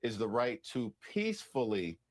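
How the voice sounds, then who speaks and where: A man, a politician, gives a measured public statement, speaking deliberately with a few "uh" fillers. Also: mid-range voice, very animated, a little mellow.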